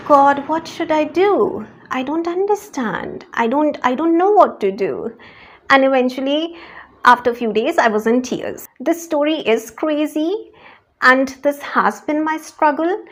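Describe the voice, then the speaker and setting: Earnest high-voiced woman sharing faith. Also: slight background noise. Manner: earnest, repeats words while searching for them. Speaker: faith vlogger. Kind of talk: personal faith testimony.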